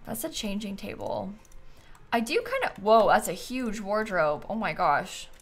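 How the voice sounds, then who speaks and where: Very animated in a mid-range voice, she speaks at a measured pace. She's streaming a game, talking casually to her chat and thinking out loud as she decorates, yawning repeatedly from sleepiness.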